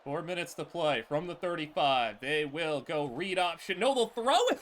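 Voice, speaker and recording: Excitable gamer calling football plays. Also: mid-range voice, moderate pace, few pauses, noisy background. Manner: excitable, exasperated, often laughing in disbelief. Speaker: gaming channel host. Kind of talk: live play-by-play commentary on a football video game.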